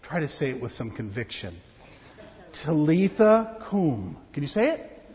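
A man giving a children's sermon as pastor, telling a story in an animated way and asking the children questions. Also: mid-range voice, a little fast, in a large hall, highs cut off. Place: church.

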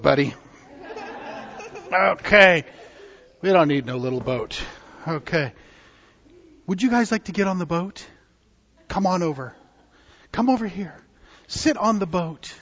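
A pastor telling a children's sermon, animated and coaxing the children to join in, recorded in a church. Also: male voice, high-pitched. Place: church sanctuary. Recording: muffled sound in a long-echoing church hall.

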